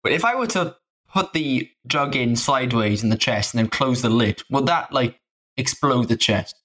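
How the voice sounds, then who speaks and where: A man's voice: medium pitch, expressive, moderate pace, fairly bright tone. A man playing a tabletop game, talking in character in a loose, hesitant way with many "uh"s and the odd swear. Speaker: player. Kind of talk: in-character tabletop role-play.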